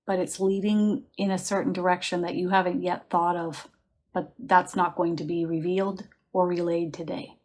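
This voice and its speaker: A woman with a slightly low voice leads a live psychic reading. She sounds chatty and reassuring, breaks into soft laughs now and then, and calmly coaches listeners to relax and sense the answer in their bodies. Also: moderate pace. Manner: guides listeners to relax and feel answers in the body. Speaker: psychic medium.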